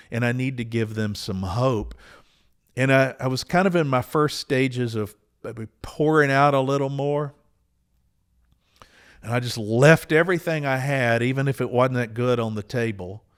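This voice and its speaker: Man, 60s, podcast host, unhurried earnest storyteller, mid-pitched voice. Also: clear, resonant tone. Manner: earnest, unhurried, with small restarts. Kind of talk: reflective personal storytelling.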